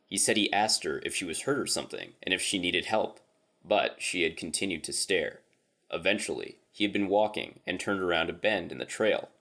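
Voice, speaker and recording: A man's voice: low voice, fairly bright tone. A man reading a first-person horror story aloud in a casual, profane storytelling tone.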